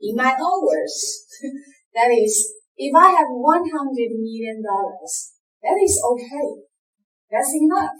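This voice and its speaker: A woman's voice: sits high, animated, slow, fairly bright tone. A woman with a Chinese accent giving an online course lecture, explaining step by step with frequent okays and uh-huhs. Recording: echoey room sound.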